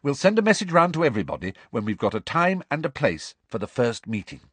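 A man's voice: mid-range voice, big pitch swings, quick pace, slightly rough, dry recording, pitched above the performer's own voice. A man voicing a clever, impatient schoolgirl witch who speaks in a tart, insistent way. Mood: brisk.

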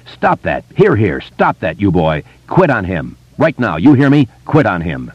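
A man's voice: on the low side, wildly swooping pitch, a little slow, darkish tone, breathy edge, no echo, muffled recording, heavily acted. A man voicing a stern grown man who scolds and gives commands. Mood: scolding.

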